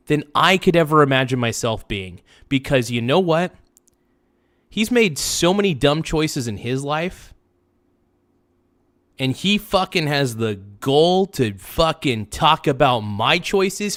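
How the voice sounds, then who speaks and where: A man's voice: mid-range voice, big pitch swings, moderate pace, fairly bright tone. Heated man ranting on a live stream. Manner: heated, profane, repeats himself, swings between muttering and outbursts. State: upset. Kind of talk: angry live-stream rant.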